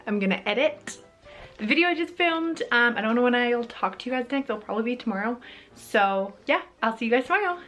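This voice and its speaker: A woman's voice: a little high, expressive, a little fast, fairly bright tone, soft background music. A young woman chatting casually to camera in a home vlog, rambling with lots of fillers. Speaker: vlogger. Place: bedroom at home.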